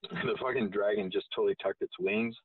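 Husky man swearing, tinny phone sound. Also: lowish voice, fairly even intonation, fairly quick, no echo, recorded from a distance. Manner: rambling, heavy swearing. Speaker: guest. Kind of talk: casual storytelling.

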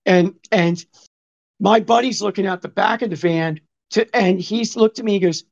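On a dull, lo-fi recording, a gravelly man in his fifties with a high voice talks at a normal pace. He rambles through a long, casual story, cursing freely and quoting what others said between frequent asides.

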